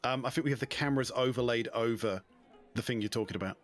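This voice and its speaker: A man's voice: mid-range voice, quick pace. Game master guy on a d&d stream, laid back, dry little comments, some music in the back. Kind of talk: casual chat in a tabletop game stream.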